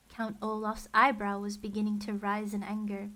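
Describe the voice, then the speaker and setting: A woman's voice: mid-range voice, completely flat delivery, moderate pace, a bit bright. A woman reading a children's novel aloud as narrator in a wry, dry tone. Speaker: storyteller. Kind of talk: audiobook-style book reading.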